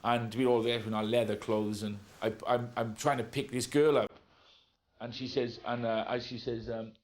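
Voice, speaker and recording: A man's voice: mid-range voice, little pitch movement, normal speed, a little mellow. A man with a Welsh accent, reminiscing casually in an interview, telling anecdotes with stumbles and repeats. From Wales.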